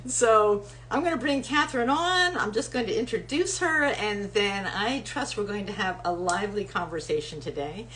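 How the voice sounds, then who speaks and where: A woman's voice: mid-range voice, expressive, normal speed, few pauses, a bit bright. Casual live webinar host, middle-aged woman, upbeat and chatty, light hum in the background. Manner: bubbly, greets viewers by name. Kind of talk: casual live-stream welcome and interview.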